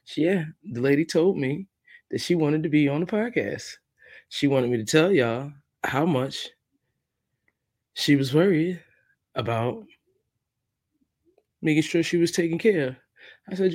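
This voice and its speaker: A man's voice: on the high side, expressive, measured pace, pauses often, darkish tone, no echo. A man from Brooklyn, hosting his podcast in a casual, joking solo monologue full of laughter. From Brooklyn, New York. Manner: joking, chatty storytelling with laughs. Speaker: podcast host.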